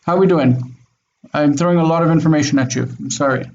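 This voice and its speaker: A man teaching a Biblical Hebrew class over a video call, drilling pronunciation slowly and patiently. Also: a little high, a little mellow, lo-fi sound. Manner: slow, careful pronunciation drills.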